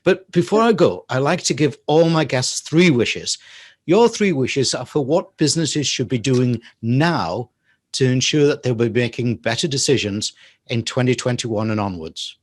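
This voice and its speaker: A man hosts an interview, asking his questions briskly and in a friendly way. His voice sits at an ordinary middle pitch. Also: expressive. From northeast England. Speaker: talk show host. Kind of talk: hosting an interview.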